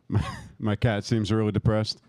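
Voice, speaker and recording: A man's voice: on the low side, completely flat delivery, a little slow, a little mellow, no room sound. A man in his thirties doing a profane, rambling stand-up set, laughing at his own jokes and working the crowd. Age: 30s. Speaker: stand-up comic.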